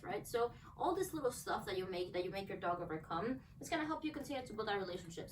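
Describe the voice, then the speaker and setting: A woman dog trainer at home explaining a demo and praising her dogs in upbeat bursts. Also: a little high. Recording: voice from a distance, faint background noise.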